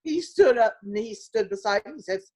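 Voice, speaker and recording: Lively older woman telling stories. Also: a little high, normal speed. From small-town United States. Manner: animated storyteller who acts out quoted voices and laughs often. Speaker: former basketball player, interview guest. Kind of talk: casual storytelling interview.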